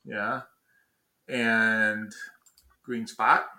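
A man's voice: on the low side, level tone, very slow, bright, forceful tone. A man co-hosting a casual podcast chat, easygoing and a little hesitant as he talks. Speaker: podcast co-host.

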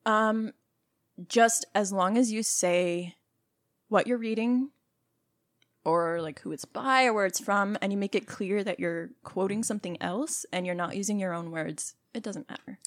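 A woman's voice: medium pitch, no room sound, studio quality. A young adult woman co-hosting a casual podcast, joking around but explaining things carefully. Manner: playful, quick to laugh, careful explainer. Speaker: podcast co-host. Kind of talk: casual chat.

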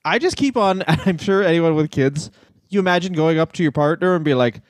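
A man with a slightly raised pitch co-hosts a comedy podcast and builds absurd, profane bits. He swears freely and chats loosely. His voice is recorded dry and close. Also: lively intonation, brisk, no room sound. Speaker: podcast co-host. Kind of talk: casual comedic chat.

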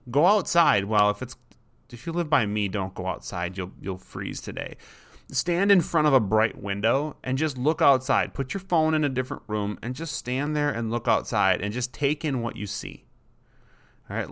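A man with a medium-pitched, slightly bright voice hosts a podcast, talking casually and rambling. He often repeats words and slips into short asides voicing his dog.

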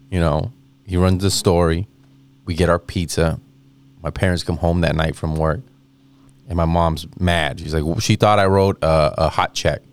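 A man in his thirties, a comedian guest, telling a rambling, animated story and acting out the voices of people in it. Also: sits low, clear, resonant tone. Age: 30s. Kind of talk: casual storytelling anecdote.

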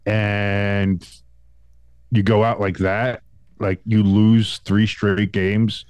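A man co-hosting a casual sports podcast, talking in a rambling, animated way with restarts and swearing, still getting over a cold. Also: lowish voice, drawn-out words, clean tone, no echo, dull audio. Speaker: podcast co-host.

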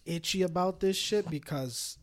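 A man's voice: high voice, a little slow. A young adult man co-hosting a podcast, talking in an earnest, laid-back way full of slang. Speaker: podcast co-host. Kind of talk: casual podcast chat.

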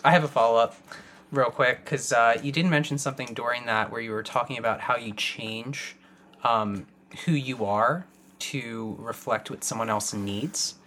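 A man's voice: medium pitch, steady tone, normal speed, sharp tone, a little hiss or hum. A man with an everyday mid-range voice hosts a conversation and asks long follow-up questions. He hesitates often, circling with fillers before he gets to the point. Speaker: interviewer. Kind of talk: conversational interview.

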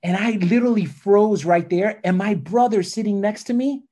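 A man telling stories in a casual podcast chat, animated and fond of saying "literally" and "right?". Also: high voice, moderate pace. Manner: animated storyteller, says "literally" and "right?" often. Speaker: podcast guest.

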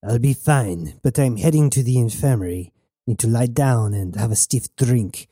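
A man's voice: mid-range voice, normal speed, dark tone, no room sound, clean studio sound, lightly acted. A man doing a breezy, confident spacewoman. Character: breezy, confident female crew member.

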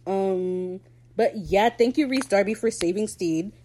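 A woman's voice: mid-range voice, a little slow, warm tone, a little hiss or hum. A woman hosting a podcast, recapping a TV episode in slangy, opinionated casual chat and laughing easily. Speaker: podcast host.

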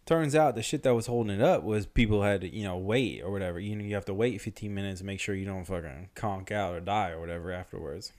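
A young man telling a story in casual chat, slangy, swearing a lot and animated. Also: low-pitched, fast, hardly any pauses.

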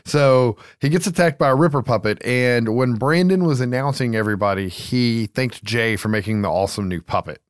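A man's voice: mid-range voice, brisk, hardly any pauses, no room sound, clean studio sound. A man co-hosting a casual movie recap, loose and profane, laughing easily. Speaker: podcast co-host.

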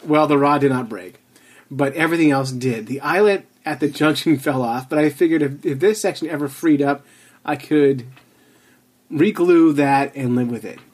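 A man hosts a podcast in a husky, slightly breathy voice that sits a little high. He teases his co-host with dry asides and reads text aloud with a grin in his voice. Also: normal speed, darkish tone. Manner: teasing, dry asides, laughs while reading. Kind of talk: casual chat and reading aloud.

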